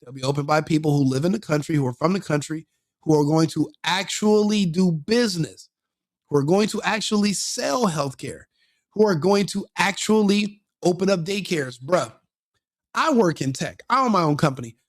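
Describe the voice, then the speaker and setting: A man's voice: fairly high pitch, expressive, normal speed. A man hosting a live stream, commenting on a clip in a joking, mocking way.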